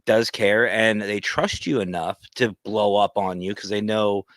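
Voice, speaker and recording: Earnest low-voiced man giving advice. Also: a little slow, no room sound. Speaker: podcast host. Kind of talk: casual livestream chat.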